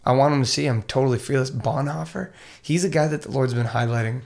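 Gravelly animated man telling stories. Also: medium pitch, fast talker. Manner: animated storyteller, acts out quotes. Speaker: guest. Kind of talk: casual podcast conversation.

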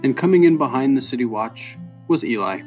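A man narrating a fantasy story in a measured, unhurried way. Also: mid-range voice, lively intonation. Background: soft guitar music.

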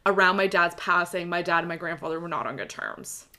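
Bright-voiced young woman telling a story. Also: fairly low pitch, fairly quick. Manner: animated storytelling, swears freely, acts out quotes. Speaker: podcast co-host. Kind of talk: casual chat.

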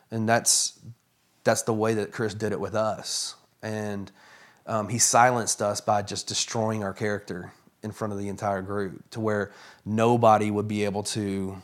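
A man telling a personal story as a guest in a conversation, earnest and halting with many fillers. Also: lowish voice.

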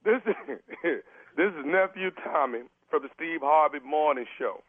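A man's voice: on the high side, expressive, moderate pace. A man making a prank phone call on a radio show, stammering and persistent, politely calling the other man sir. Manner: persistent, stammering, formal "sir" with sudden laughs. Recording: tinny phone line.

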